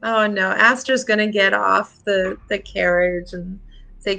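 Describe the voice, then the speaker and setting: A woman's voice: medium pitch, steady tone, a little slow, gravelly, pushed and bright, rough recording. A woman playing a tabletop game, playfully describing what her character does. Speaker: player. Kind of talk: casual tabletop play.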